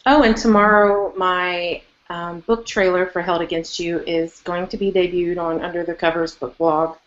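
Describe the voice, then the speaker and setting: A woman's voice: on the low side, flat delivery, normal speed. A woman guest author on an online chat show, speaking in a matter-of-fact way. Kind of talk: casual chat on a live web show. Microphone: video call. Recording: dull lo-fi web call audio.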